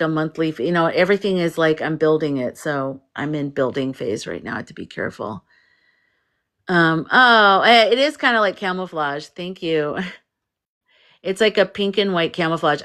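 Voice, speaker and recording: A woman's voice: deep voice, a bit bright. A woman hosting a casual livestream, rambling and restarting, greeting viewers and reading their comments aloud. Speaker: livestream host.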